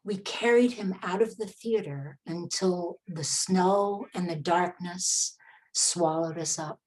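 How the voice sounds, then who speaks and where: A woman recalling an early performance in a slow, measured, reflective way. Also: lowish voice, darkish tone, low-quality recording. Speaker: original cast member. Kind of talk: reflective storytelling.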